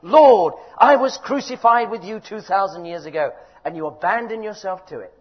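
An older man preaching a sermon, emphatic and exhorting, his voice rising loud and dropping quiet. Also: high voice, animated, moderate pace. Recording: dull lo-fi recording.

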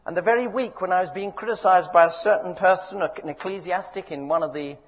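An older man preaching a sermon, emphatic and exhorting, his voice rising loud and dropping quiet. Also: high voice, fairly quick. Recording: dull lo-fi recording.

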